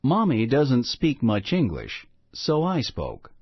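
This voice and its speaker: A man reading a children's storybook aloud in a slow, expressive storytelling manner. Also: mid-range voice, no room sound. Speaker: storybook reader. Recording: muffled lo-fi recording.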